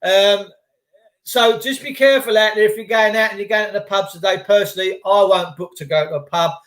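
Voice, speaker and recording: A man's voice: high voice, fairly even intonation, fairly quick, fairly bright tone. Sweary English man ranting on stream. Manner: sweary, blunt, conspiratorial. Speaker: live streamer. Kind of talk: casual live-stream rant.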